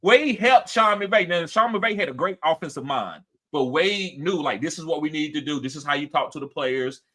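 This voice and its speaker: Bright-voiced animated man hosting. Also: normal speed. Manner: animated, acts out quotes in a higher voice; reads live chat comments aloud. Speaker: podcast host. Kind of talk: casual sports chat.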